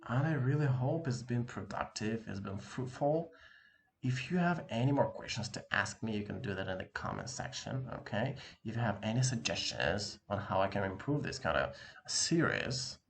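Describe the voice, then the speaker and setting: A man teaching an online language lesson, lively and encouraging, talking casually with slang to his viewer from a room with an open window. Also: lowish voice, normal speed, vocal fry, a little hiss or hum. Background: dog barking outside.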